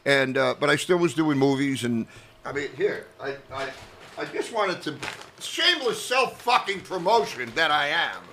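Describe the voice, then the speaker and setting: A man's voice: fairly high pitch, normal speed, a little hiss or hum. A man, an actor and comedian, telling rambling, profane stories in a casual podcast chat. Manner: profane, rambling, animated storyteller.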